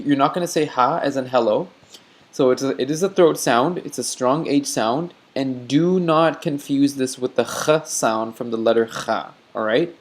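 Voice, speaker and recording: Man, teacher, online lecture, mid-range pitch, patient, repetitive, checks in often. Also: darkish tone. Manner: patient, repeats points often, checks in with "okay?".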